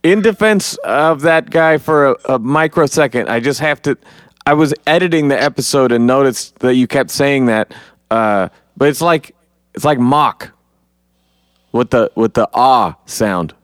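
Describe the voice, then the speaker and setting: A man's voice: medium pitch, moderate pace, smooth, no room sound. Dry-voiced man hosting a casual podcast. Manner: laughing, swearing, loose banter. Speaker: podcast host.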